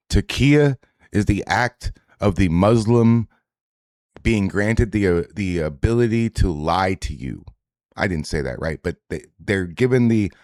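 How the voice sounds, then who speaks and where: A man's voice: low voice, dry recording, studio quality. A man hosting an online reaction video, talking bluntly and with a lot of profanity, sounding exasperated. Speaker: host reacting to clips. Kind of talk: casual reaction commentary.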